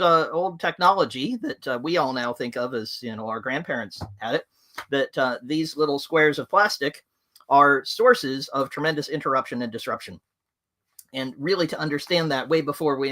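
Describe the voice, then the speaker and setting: A man's voice: fairly high pitch, pushed and bright. A man hosting a livestream, talking in a chatty, rambling way with lots of fillers. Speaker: livestream host. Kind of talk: opinionated livestream talk.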